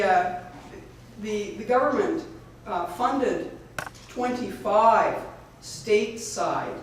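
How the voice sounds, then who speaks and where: A woman, a lawyer and advocate, gives an earnest, hurried public speech at an event, often restarting her sentences. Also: medium pitch. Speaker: lawyer and advocate speaking at a rally. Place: lecture hall at a public event. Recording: echoey hall, far from the mic, faint noise.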